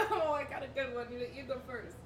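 A woman's voice: sits high, steady tone, fairly quick. A woman in casual chat, laughing often and playful, recorded in a roomy, distant, noisy setup. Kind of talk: casual chat trading movie quotes. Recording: roomy, distant mic with noise.

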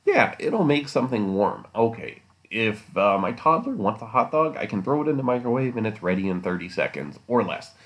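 A man with a fairly low voice hosts a solo podcast from home, talking loosely and answering listener questions. He rambles and jokes, teasing his listeners in a casual, unscripted way. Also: very animated, moderate pace, hardly any pauses, a bit bright. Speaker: podcast host.

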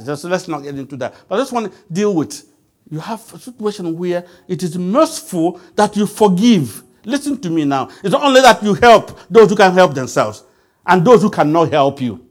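Man, preacher, sermon, emphatic, fairly high voice, asks the crowd questions. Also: big pitch swings, normal speed. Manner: emphatic, quizzes the congregation with call-and-response questions.

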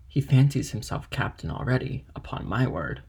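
A man's voice: mid-range voice, very animated, moderate pace, gravelly, darkish tone, slightly rough, exaggerated voice. A man reading a sly, envious ship's clerk. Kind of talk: audiobook reading.

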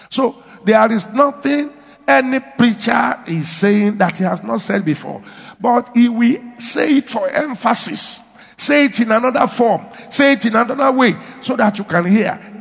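A man's voice: sits high, creaky, slightly rough, big-room sound, lo-fi sound. A man with a Nigerian accent preaching a sermon, emphatic and repetitive, calling out to the congregation. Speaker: pastor. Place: church.

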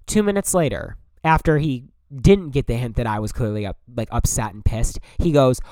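Animated young man telling a story. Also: medium pitch, normal speed, no room sound, studio quality. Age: young adult. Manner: animated, exasperated, swears often. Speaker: podcast host. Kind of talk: casual storytelling monologue.

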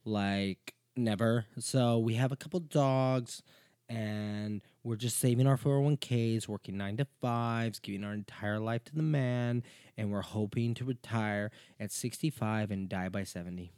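A man's voice: fairly low pitch, measured pace, darkish tone, smooth, no echo, clean studio sound. A man hosting his own podcast, bantering playfully and mocking himself with his wife as a guest. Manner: playful, self-mocking, jumps into bits. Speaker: podcast host and creator. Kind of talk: casual comedic podcast banter.

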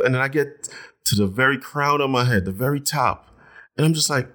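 A young man casually telling viewers a personal story, animated and swinging his voice up when acting out his own reactions. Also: mid-range voice, moderate pace, long pauses.

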